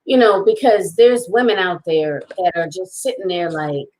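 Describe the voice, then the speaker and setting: A woman's voice: lowish voice, lively intonation, moderate pace, a little mellow, poor audio. A woman hosting a talk show, sounding moved and affirming after a guest's story. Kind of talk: casual chat.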